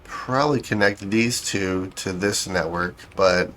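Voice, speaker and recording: A man's voice: low-pitched, unhurried, a bit bright. A man giving casual gameplay commentary, thinking aloud as he builds, with a dry, self-correcting, sarcastic manner. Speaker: game streamer.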